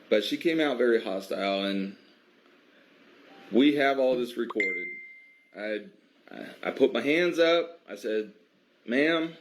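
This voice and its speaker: A man from a biker advocacy group recounting an incident in a measured way, with many pauses and fillers. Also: fairly low pitch. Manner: measured, filler-heavy, stops to restart. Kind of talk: recounting an incident, casual monologue.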